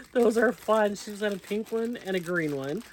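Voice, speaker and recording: Chatting in a mid-range voice over a little hiss or hum, an American crochet channel host opens her mail. She casually reads out the notes she's received and thanks the senders.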